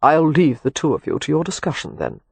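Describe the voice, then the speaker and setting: A man's voice: on the high side, wildly swooping pitch, vocal fry, breathy edge, no echo, full character voice. A man playing a cool, formal doctor. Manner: formal, measured, murmuring.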